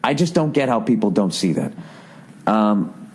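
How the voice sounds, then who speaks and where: A man's voice: fairly low pitch, sing-song, a little slow, a little mellow. Profane, exasperated man ranting. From United States. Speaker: podcast host. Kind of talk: ranting comedic monologue.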